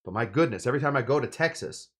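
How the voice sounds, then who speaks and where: A man's voice: medium pitch, animated, rapid-fire, slightly rough. A man from California hosting a casual cocktail-making video, talking in a rambling, jokey way with playful asides. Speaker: cocktail show host.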